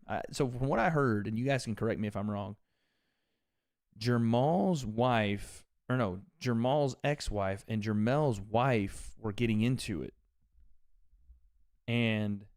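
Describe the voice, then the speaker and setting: A man from Tennessee hosts a livestream from his couch at home, away from his usual setup, talking casually and profanely with viewers and reading their donations aloud. His voice sits at a medium pitch with a darkish tone. The recording is clean studio sound with no echo.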